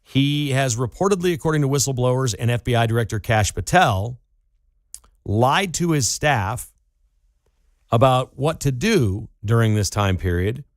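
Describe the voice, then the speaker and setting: A man's voice: mid-range voice, animated, moderate pace, no echo. Opinionated male talk radio host, dry studio. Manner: opinionated, sarcastic, emphatic. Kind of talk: political talk radio monologue. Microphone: studio microphone.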